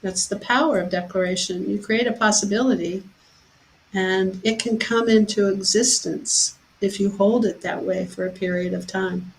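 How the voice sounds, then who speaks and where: A woman hosting a talk show, telling a personal story in a heartfelt way and getting animated when she quotes people. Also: medium pitch, moderate pace, gravelly, slight background noise, rough recording. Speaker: podcast host.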